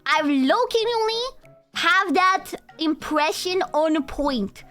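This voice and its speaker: High-voiced young woman streamer from Romania. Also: drawn-out words, fairly bright tone, faint music behind. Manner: rambling and playful, often swears. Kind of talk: casual live-stream chat.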